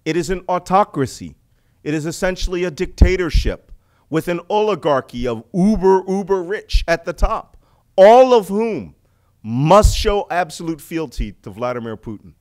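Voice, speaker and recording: Middle-aged American man, speaker at a public talk, higher pitch for a man, very lively, punchy rhetorical delivery. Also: moderate pace. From United States. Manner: animated, rhetorical questions, laughs at own jokes. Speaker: speaker on intelligence.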